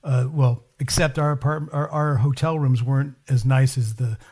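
A man's voice: mid-range voice, steady tone, normal speed, darkish tone, breathy edge. A man hosting a podcast, chatting casually and often restarting his sentences. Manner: friendly, stammering restarts. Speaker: podcast host. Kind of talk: casual chat.

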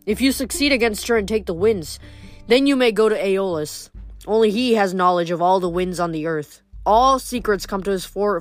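A woman's voice: medium pitch, dry recording, close to an everyday voice. A woman reading the part of a haughty, amused older male wind god who relishes his power.

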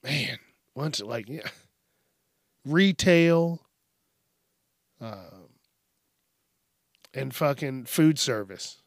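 Male podcast host, higher-pitched, dry close sound; profane, animated rambling monologue. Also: slow, vocal fry, long pauses, no room sound. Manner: profane, animated, acts out quoted rude customers.

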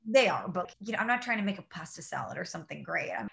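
Animated woman telling stories in casual chat. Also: fairly low pitch, quick pace, vocal fry. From Saint Louis, Midwest US. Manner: animated storytelling, acts out quotes. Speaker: podcast co-host.

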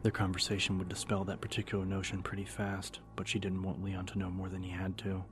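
Deep, flat-voiced male narrator over music. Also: quick pace. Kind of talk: audiobook-style story narration. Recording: music bed under the narration.

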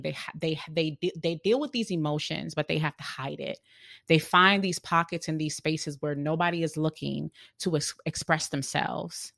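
An earnest podcast host talks through ideas on leadership in a reflective monologue, often circling back and restarting phrases. The voice carries a gravelly, fry-tinged edge. The sound is close and dry, with no room around it. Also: medium pitch, fairly bright tone, dry recording.

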